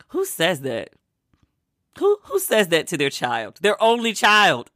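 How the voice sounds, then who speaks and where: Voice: mid-range voice, huge pitch swings, slow pace, bright, forceful tone, no room sound, studio quality. A vlogger from Maryland, sick with a cold, chatting casually and acting out what people said. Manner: chatty storyteller, acts out quoted lines.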